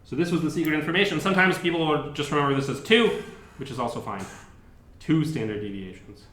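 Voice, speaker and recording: A man's voice: fairly high pitch, expressive, fast talker, fairly bright tone. Casual lecturing man in an echoey room. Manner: casual, chatty explaining with many fillers. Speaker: professor. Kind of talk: university lecture. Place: lecture hall.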